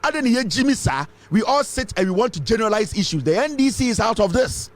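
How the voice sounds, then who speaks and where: Ghanaian male commentator, impassioned, high voice with wide swings, heated talk-show delivery. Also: sing-song, fast talker. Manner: impassioned, mixing Twi and English. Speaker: political commentator.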